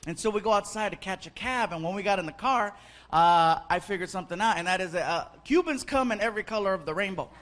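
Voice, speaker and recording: A man doing stand-up comedy, telling stories in an animated way and acting out characters with quick bursts of Spanish. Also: high voice. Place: comedy club stage. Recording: loud live crowd and noise.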